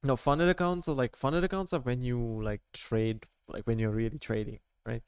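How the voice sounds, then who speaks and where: A man walks viewers through his trading charts in a casual, meandering way, constantly checking in with "right?" and "okay?". His voice is smooth and clear. The sound is dry and close, with no room echo. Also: mid-range voice, fairly even intonation, moderate pace. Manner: rambling, full of "like" and "right?", talking to viewers. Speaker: amateur trader showing his charts. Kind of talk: casual screen-share tutorial.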